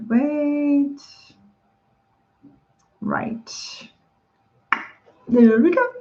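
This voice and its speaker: A woman's voice: on the high side, a bit bright, muffled recording. A woman hosting a live stream for English teachers, upbeat and greeting viewers by name. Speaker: livestream host coaching English teachers.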